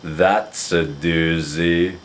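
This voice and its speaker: A man imitating a friend with a very low voice and a slow, flat, deliberate delivery, blunt and fussy about his words. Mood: deadpan.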